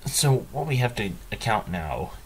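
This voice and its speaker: A man's voice: medium pitch, sing-song, normal speed, slight background noise. A man hosting a let's play, commenting in a dry, sarcastic, self-mocking way. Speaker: gaming channel host.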